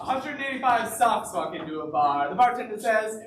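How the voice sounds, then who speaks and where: High lively man telling improv jokes. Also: moderate pace, few pauses. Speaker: improv player. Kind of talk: live improv comedy. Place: stage in a hall with a live audience. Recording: echoey, distant, very noisy hall.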